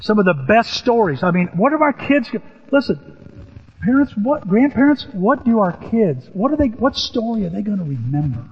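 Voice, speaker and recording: A man's voice: sits high, sing-song, moderate pace, breathy edge. An older man preaching a sermon, telling stories animatedly with sudden rises in his voice. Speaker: pastor. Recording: echoey hall, dull lo-fi sound.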